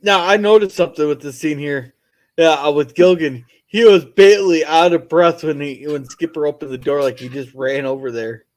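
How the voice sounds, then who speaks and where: A man's voice: fairly high pitch, brisk. A man chatting as a panelist, asking questions and pointing things out. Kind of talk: casual chat.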